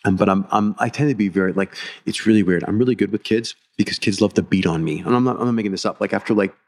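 A man's voice: fairly low pitch, fast. A man co-hosting a casual chat, telling rambling stories with many restarts and acted-out quotes.

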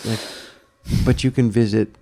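A man co-hosting a podcast, telling stories in a relaxed, teasing way and laughing often. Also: lowish voice, moderate pace, creaky, no room sound. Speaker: podcast co-host. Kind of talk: casual chat.

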